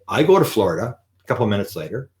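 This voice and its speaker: A man with a somewhat low voice speaks to a live audience. He tells a long anecdote in an animated way and acts out the quoted lines. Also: racing. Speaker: lecturer on UFOs. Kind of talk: live storytelling talk.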